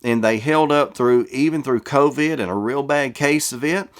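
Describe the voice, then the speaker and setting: A man's voice: mid-range voice, moderate pace. A middle-aged man from the American South reading viewer comments in a casual, folksy way and stumbling over names.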